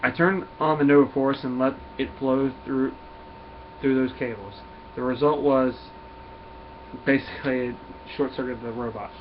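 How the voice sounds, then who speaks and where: A man voicing a brash, excitable teenage boy superhero with eager, cocky chatter. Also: medium pitch, moderate pace, natural voice. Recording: dull lo-fi recording, faint hiss.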